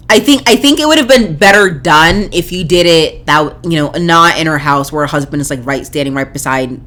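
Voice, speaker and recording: A woman's voice: low voice, fairly bright tone. A woman hosting a podcast, giving casual, opinionated commentary with frequent fillers and restarts. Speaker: podcast host. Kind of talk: casual commentary on a reality show.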